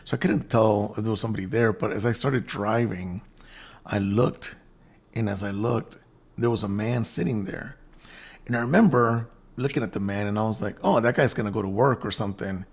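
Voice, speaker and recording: Male host, low-ish voice, casual rambling storyteller who quotes himself. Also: moderate pace. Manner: rambling, self-quoting with restarts.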